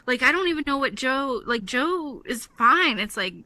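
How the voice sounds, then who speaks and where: Relaxed woman co-host with a bright voice. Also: sits high, moderate pace. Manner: relaxed, filler-heavy, laughs easily. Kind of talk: casual chat.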